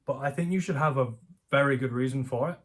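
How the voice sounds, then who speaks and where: Jokey guy rambling on his channel at home, middle pitch, laughs a lot. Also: fast. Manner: chatty, jokey, self-deprecating, laughs often. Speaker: YouTube commentator. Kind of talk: casual rambling commentary. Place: home room.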